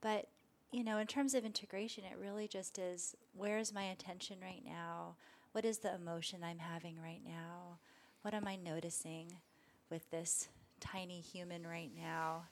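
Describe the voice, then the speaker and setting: A woman meditation teacher speaking as a guest in a conversational interview, calm and reflective, growing gently animated when she acts out examples. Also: fairly low pitch, moderate pace, a little hiss or hum.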